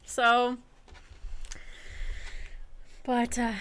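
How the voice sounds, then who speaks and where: A young author speaks to her livestream audience in a bright, smooth voice that sits a little high. She sounds nervous and close to tears, gushing her thanks and often breaking off to start her sentences again. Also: completely flat delivery, extremely slow. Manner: gushing, tearful and nervous, with many restarts. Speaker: self-published author streaming live. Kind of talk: emotional casual livestream talk.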